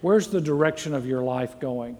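A man's voice: medium pitch, moderate pace, darkish tone. A middle-aged male pastor preaching a sermon, earnestly posing repeated questions to his congregation in a church. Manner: earnest, repetitive rhetorical questions. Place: church sanctuary. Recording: long hall reverb. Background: congregation calls amen.

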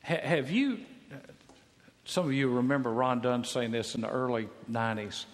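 A man's voice: mid-range voice, normal speed. Emphatic preacher man in a reverberant hall. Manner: emphatic, repeats phrases for stress. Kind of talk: sermon. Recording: long reverb of a large hall.

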